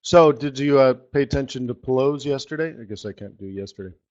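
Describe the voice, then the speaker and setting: A man's voice: mid-range voice, quick pace, a little mellow, lo-fi sound. A man hosting a live trading webinar, talking in a sarcastic, joking, rambling way. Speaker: forex market strategist hosting a live webinar.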